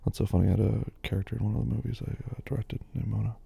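A man's voice: on the low side, steady tone, rapid-fire, creaky, mellow, slightly rough, no room sound. An American man hosting a casual chat, answering listener questions in a rambling way with lots of fillers and restarts. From United States.

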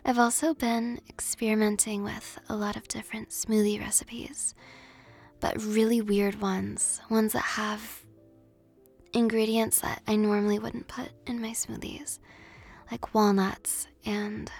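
A woman's voice: medium pitch, flat delivery, unhurried, vocal fry, darkish tone, faint music behind. Young woman whispering ASMR chat. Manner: rambling, giggly, with frequent ums. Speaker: ASMR channel host.

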